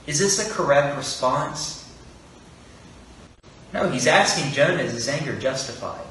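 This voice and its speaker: A man's voice: fairly high pitch, lively intonation, unhurried, fairly bright tone. A man preaching an earnest sermon, asking rhetorical questions and acting out quoted speech. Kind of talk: expository sermon. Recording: very echoey room, voice from far off, faint background noise.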